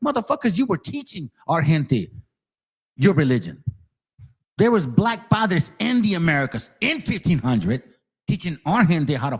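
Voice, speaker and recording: A man rants heatedly in a voice that sits a little high for a man. He swears freely and slips into sarcasm as he argues his point, talking straight to his viewers. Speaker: channel host. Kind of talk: ranting commentary.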